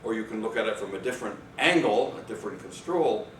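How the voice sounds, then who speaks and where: Low-voiced man lecturing in an echoey room. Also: expressive, quick pace. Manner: discursive, self-correcting with fillers. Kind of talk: academic lecture. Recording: echoey room, far mic, faint noise.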